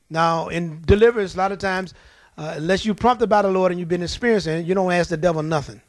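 High-voiced animated male preacher. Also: brisk, no room sound. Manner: animated, colloquial storytelling with chuckles. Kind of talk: sermon.

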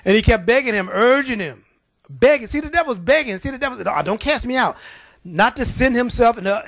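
A male preacher delivering a lively, folksy sermon, telling stories with laughter and reading scripture slowly. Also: high voice, dry recording. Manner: animated, folksy, laughing at his own stories; reads scripture slowly and deliberately.

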